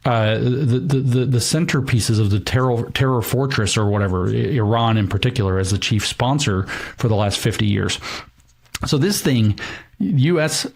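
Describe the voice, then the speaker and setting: A man's voice: medium pitch, moderate pace, gravelly. Earnest male political commentator. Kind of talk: clip played on stream.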